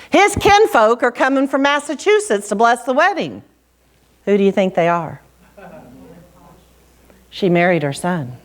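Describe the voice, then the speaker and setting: A woman minister preaching a sermon, telling stories with dramatic pauses and dropping low for quoted lines. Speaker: senior minister. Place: church sanctuary.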